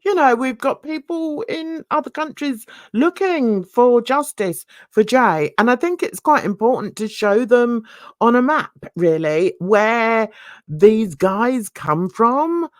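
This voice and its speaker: A woman talks to her channel in a chatty, rambling way, stopping for asides and questions to her viewers. Her pitch moves all over the place. The sound is close and dry, with no room echo. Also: expressive, slow pace. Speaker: YouTube commentator. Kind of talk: casual chat to camera.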